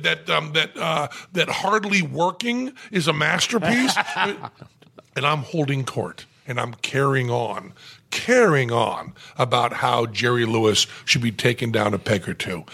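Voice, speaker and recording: A middle-aged man spins a long anecdote with a gravelly, husky voice, swinging his pitch widely as he goes. His delivery is profane and self-mocking. He is recorded as a podcast guest on a studio mic in a club room. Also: sharp tone. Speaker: guest storyteller. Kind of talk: casual anecdote telling.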